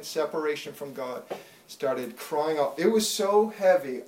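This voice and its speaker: Animated preacher in an echoey hall. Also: male voice, a little high, unhurried, a little hiss or hum. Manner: animated storyteller, swings from hushed to loud. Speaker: preacher giving a testimony. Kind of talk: storytelling testimony in church. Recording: echoey room, mic far off.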